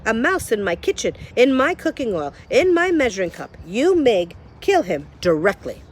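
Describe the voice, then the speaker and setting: A woman voicing a harsh, impatient female cook who shouts and scolds. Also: medium pitch, big pitch swings, normal speed. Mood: shouting, scolding.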